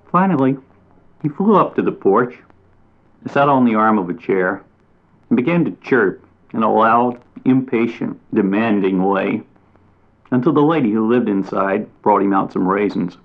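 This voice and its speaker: A man reading a children's storybook aloud in a gentle, unhurried way, lingering on descriptive phrases. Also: fairly low pitch, lively intonation. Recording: tinny phone-like audio.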